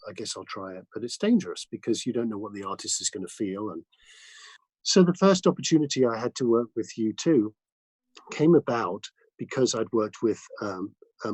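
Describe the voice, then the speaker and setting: A man, a mixing engineer, telling studio anecdotes as a guest in a casual interview, lively and full of restarts. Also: on the low side, breathy edge, dry recording, low-quality recording. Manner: animated anecdotes with many restarts and fillers.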